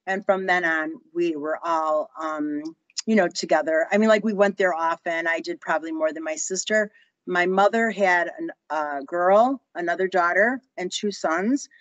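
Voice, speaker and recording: A woman in her sixties speaks at a normal speed in a lowish voice, recorded dry and lo-fi. She is a guest in an interview, telling personal stories with animation and acting out the voices of people she quotes.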